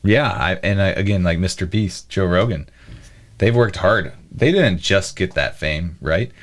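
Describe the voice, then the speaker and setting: Podcast guest, man in his late 30s, very low voice, halting and thinking aloud. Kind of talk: casual podcast discussion.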